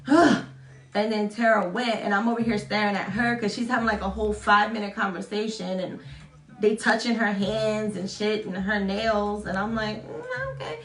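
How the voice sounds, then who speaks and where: A woman's voice: fairly even intonation, normal speed. A young woman telling a story to camera in a casual, chatty way, often swearing and mocking herself. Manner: chatty, swearing, self-mocking, acts out quotes in high voices. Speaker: vlogger. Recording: echoey room.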